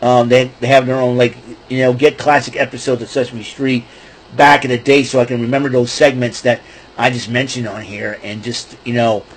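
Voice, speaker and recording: In a mid-range, level voice at normal speed, a middle-aged man runs a casual solo podcast, rambling and restarting frequently. He laughs and puts on goofy voices, and the recording sounds rough.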